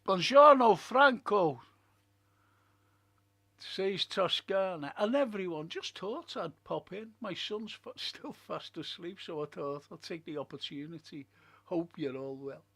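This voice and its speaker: Gravelly-voiced man rambling on a live stream. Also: fairly high pitch, moderate pace. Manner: rambling, chatty, musing aloud, occasional swearing. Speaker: livestream host. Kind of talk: casual live-stream chat reading viewer comments. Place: at home.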